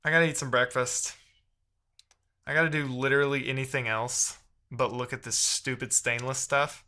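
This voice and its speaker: Guy streaming his coding session, fed up and grumbling, reads chat out loud, bright edgy tone. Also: medium pitch, steady tone, normal speed. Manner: exasperated, muttering to himself. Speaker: live streamer. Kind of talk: live coding stream, reading chat aloud.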